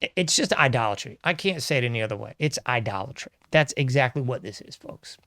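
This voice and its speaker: Talking fast with lively intonation, a man hosts his own show in a rambling, sarcastic solo commentary full of laughter. His voice is medium-pitched and a bit bright, captured in clean studio sound with no echo.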